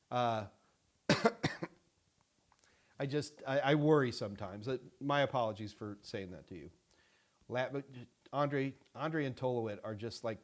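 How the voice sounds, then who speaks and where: Halting, rambling man hosting a live Q&A. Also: medium pitch. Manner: rambling, halting, many fillers and restarts. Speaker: host answering viewer questions. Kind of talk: casual live-stream Q&A.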